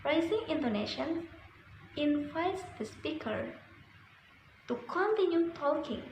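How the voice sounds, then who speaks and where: A woman's voice: high voice, echoey room, slight background noise, low-quality recording. A young woman student with an Indonesian accent, carefully reading a presentation on intonation. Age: young adult.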